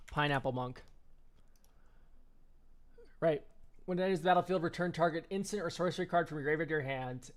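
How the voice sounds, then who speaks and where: A man's voice: mid-range voice, vocal fry. A man streaming a casual card-game deck review, rambling and offhand, swearing and laughing easily.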